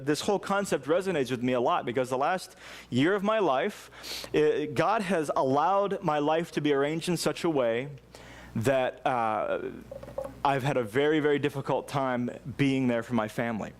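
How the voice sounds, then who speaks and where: Earnest, higher-voiced male pastor preaching. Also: normal speed. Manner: earnest, impassioned, with frequent restarts. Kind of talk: sermon. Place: church.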